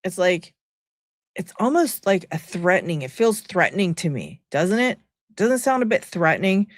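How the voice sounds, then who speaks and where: A woman's voice: mid-range voice, very animated, normal speed, no room sound, studio quality. A woman giving casual, sarcastic reaction commentary from home, talking to her viewers. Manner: sarcastic, exasperated, chatty. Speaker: commentary vlogger.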